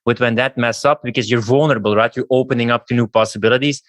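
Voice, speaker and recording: A man's voice: mid-range voice, fairly even intonation, fast, fairly bright tone, no room sound. A man on a podcast who reflects on ideas at length and asks follow-up questions. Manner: reflective, explaining. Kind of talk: casual podcast chat.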